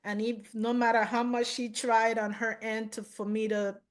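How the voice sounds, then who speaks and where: Woman guest, reflective storyteller, unhurried measured delivery, mid register. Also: a little high, flat delivery. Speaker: chef and guest.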